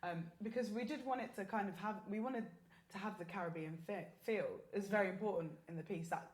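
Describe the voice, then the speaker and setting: A woman chatting as a guest performer, easygoing and hesitant, with many pauses and ums. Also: medium pitch. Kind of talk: casual podcast chat. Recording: echoey room.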